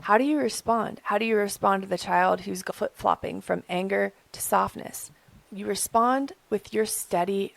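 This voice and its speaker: Young woman, advice host, gentle and earnest, slightly gravelly voice, dry close sound. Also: medium pitch, steady tone, normal speed, no room sound. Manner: gentle, earnest, speaking from personal experience. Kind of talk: calm advice talk to camera.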